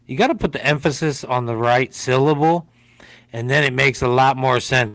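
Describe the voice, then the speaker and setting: A man's voice: mid-range voice, expressive, normal speed, fairly bright tone, dry recording. A man hosting a casual livestream game, rambling and jokey and often repeating himself. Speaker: livestream host.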